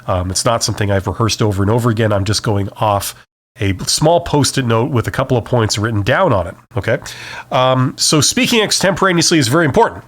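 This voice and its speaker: A man's voice: on the low side, fairly quick. A man hosting a solo advice podcast, speaking off the cuff and checking in with "okay?" after each point. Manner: animated, says "okay?" after most points; varies volume and speed to demonstrate. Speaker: podcast host. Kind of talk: unscripted solo advice talk.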